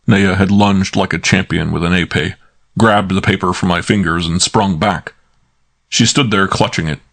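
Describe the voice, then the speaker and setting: A male audiobook narrator reading first-person crime fiction, brisk and wry. His voice sits low, and the reading moves along steadily. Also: fairly even intonation, fairly bright tone.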